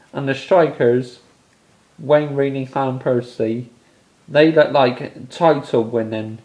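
A man's voice: mid-range voice, darkish tone. A young man from England ranting angrily about his football team's loss, swearing and exasperated. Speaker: football fan vlogger. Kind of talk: angry fan rant to camera.

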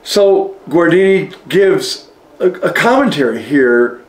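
A man with a somewhat high voice talks very slowly, reading a spiritual text aloud and stopping to reflect on each passage. His tone is explanatory and unhurried, like a teacher guiding a study group. The sound carries a noticeable room echo. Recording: echoey room.

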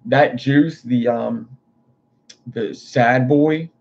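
A man's voice: medium pitch, steady tone, very slow, gravelly, a little mellow. A male streamer chatting casually to viewers in a rambling, profane way. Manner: rambling, loose, profane talk. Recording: dull lo-fi stream audio.

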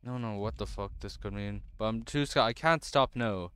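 A man's voice: fairly low pitch, normal speed, a bit bright, clear, resonant tone. Jumpy, foul-mouthed gaming man. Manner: jumpy, swears constantly, nervous self-talk. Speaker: let's play gamer. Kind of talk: horror game commentary.

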